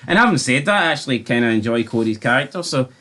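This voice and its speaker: A man's voice: medium pitch, expressive, pushed and bright. A man co-hosting a casual TV review, blunt and sweary, picking holes in the plot. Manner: sweary, quick and blunt, questions plot points. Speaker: podcast co-host. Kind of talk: casual TV episode review chat.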